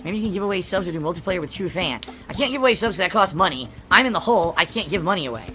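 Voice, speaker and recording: A man's voice: sits high, lively intonation, rapid-fire, bright, forceful tone, soft background music. A man live streaming, reading viewer tips aloud and answering them in a defensive, dismissive way, heard as a clip played back.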